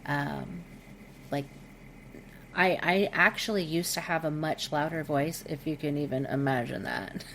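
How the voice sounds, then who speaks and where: A middle-aged woman speaking as a podcast guest over a video call, candid and expressive, with frequent fillers. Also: deep voice, unhurried, creaky, slight background noise. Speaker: guest, intimacy coach. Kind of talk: casual podcast conversation.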